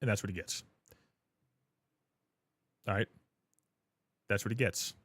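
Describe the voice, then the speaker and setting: A man's voice: fairly low pitch, takes it slowly, fairly bright tone, husky, no echo. A man chatting casually on a gaming livestream, rambling and swearing as he jokes with his chat. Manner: rambling, profane, joking with chat; frequent filler words and restarts.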